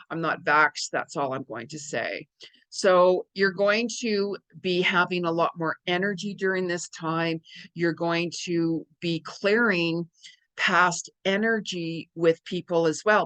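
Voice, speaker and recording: A woman's voice: on the low side, a bit bright, low-quality recording. A woman psychic medium talking casually to her viewers, rambling and chatty, and laughing often. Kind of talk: casual astrology vlog monologue.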